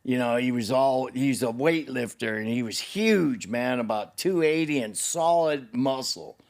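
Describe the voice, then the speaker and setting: An older man tells a long personal story to his son. His pitch is ordinary for a man, and his telling wanders and swears freely. He often slips into the voices of the people he describes. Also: unhurried, darkish tone. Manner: rambling, profane, emotional, acts out the people in his story. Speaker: guest, the host's father.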